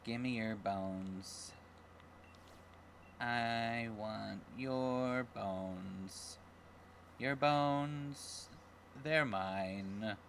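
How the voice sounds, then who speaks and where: A man voicing a creepy game creature that hungers for bones, speaking in a slow, low, drawn-out chant. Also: a bit bright, a little hiss or hum, full character voice. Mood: menacing.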